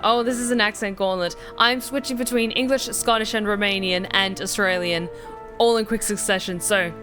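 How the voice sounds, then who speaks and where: Gushing, excitable woman streamer. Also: medium pitch, normal speed, over music. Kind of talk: casual game-stream commentary.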